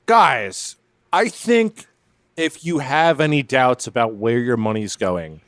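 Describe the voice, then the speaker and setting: A man's voice: medium pitch, animated, takes it slowly, dry recording, clean studio sound. A man co-hosting a comedy podcast, riffing wryly and steering the talk back on track. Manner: riffing, wry, keeps the show on track. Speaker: podcast co-host. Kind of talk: casual comedic banter.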